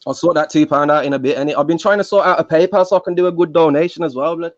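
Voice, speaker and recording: A young man rattles along in slangy street talk, quick and a touch higher than most men. The sound is dry and close, with no room around it. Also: no room sound, muffled recording. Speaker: contestant. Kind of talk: casual chat.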